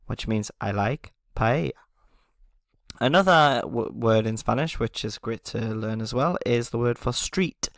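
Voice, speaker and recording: A man's voice: medium pitch, animated, normal speed, dry recording, clean studio sound. A man teaching a beginner language lesson, explaining patiently, often checking in with "okay?" and chuckling at himself.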